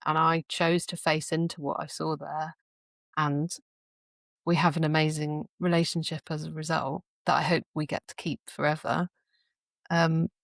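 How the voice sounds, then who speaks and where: A woman's voice: sits low, vocal fry, no echo, studio quality. A woman in casual podcast conversation, telling reflective stories with frequent laughs. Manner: reflective storytelling, laughs often. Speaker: podcast speaker.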